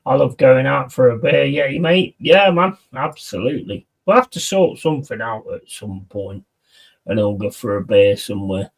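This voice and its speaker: A man's voice: medium pitch, expressive, moderate pace, gravelly, recorded from a distance. Chatty, sweary man streaming. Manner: swears a lot, chatty, reacts to viewers' messages. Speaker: streamer reading chat. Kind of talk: casual live-stream chat.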